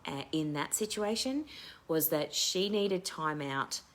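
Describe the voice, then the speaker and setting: Low-voiced woman coach talking candidly. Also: expressive, slow pace, a bit bright. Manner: candid, reflective, restarts often. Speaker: midlife coach and show host. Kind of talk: live online wellness talk.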